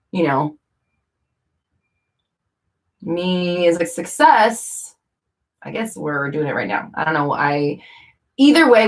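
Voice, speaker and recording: A woman's voice: low voice, fairly bright tone. A woman vlogger talking casually to camera, rambling with fillers and self-corrections.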